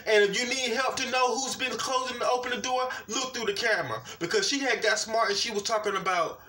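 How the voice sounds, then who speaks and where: High-voiced man ranting to camera. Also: quick pace, recorded from a distance. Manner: animated, repetitive, keeps saying "you know what I'm saying". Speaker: vlogger. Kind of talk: ranting personal vlog.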